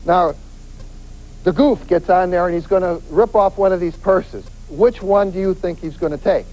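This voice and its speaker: A male police detective gives a lively crime-prevention safety talk, putting on quoted voices to act out scenes. His fairly high voice is warm and mellow, and he hammers each point with punchy repetition. He speaks at a normal speed, and the audio quality is poor.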